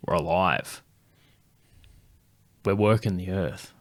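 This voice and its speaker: A man impersonating a laid-back male country singer, with an American Southern accent and a slow drawl. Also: low voice.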